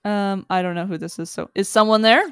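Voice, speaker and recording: A woman's voice: medium pitch, steady tone, fairly quick, clear, resonant tone, faint music behind. A woman streaming a game live, chatting and reacting aloud as she plays.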